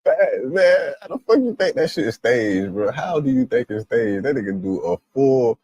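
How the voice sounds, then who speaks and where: A man giving casual reaction commentary on a stream, his pitch swinging widely as he laughs and acts out lines in high mocking voices. His voice is slightly husky, recorded dry and close on a desk mic. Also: lively intonation, moderate pace, a little mellow, no echo.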